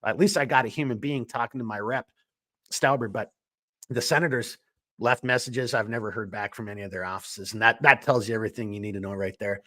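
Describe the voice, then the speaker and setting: A man's voice: on the low side, brisk, fairly bright tone. Blunt, ranting man from Minnesota. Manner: blunt, swears, worked-up ranting. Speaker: podcast co-host; small business owner. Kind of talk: casual political chat.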